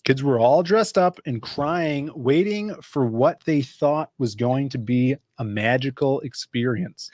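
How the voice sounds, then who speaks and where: A man's voice: medium pitch, lively intonation, measured pace, hardly any pauses, a little mellow, dry recording. A man co-hosting a casual live-stream chat, joking around and laughing often. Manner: jokey, attempts a mock Scottish accent, laughs often. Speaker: co-host.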